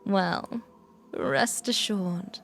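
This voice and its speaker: A woman's voice: mid-range voice, very slow, slight background noise. A young woman streaming live as a prim, self-important evil alter ego, with theatrical, old-fashioned phrasing. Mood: prim, chatty. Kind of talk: live stream character chat.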